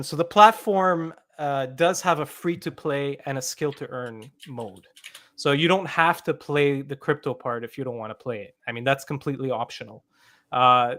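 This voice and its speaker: This game developer has a medium-pitched, slightly bright voice. He's in an easygoing podcast chat, explaining his game piece by piece with frequent "um"s and "like"s.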